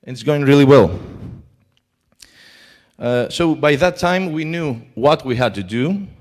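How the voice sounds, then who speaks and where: A man's voice: mid-range voice, animated, a little slow, darkish tone. Greek-accented man giving a conference talk. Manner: hesitant, many fillers. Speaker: conference speaker. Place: conference hall.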